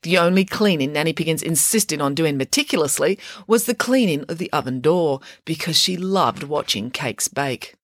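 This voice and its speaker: A woman narrating a children's audiobook in a lively, expressive way. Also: low-pitched, normal speed, hardly any pauses, no room sound, studio quality.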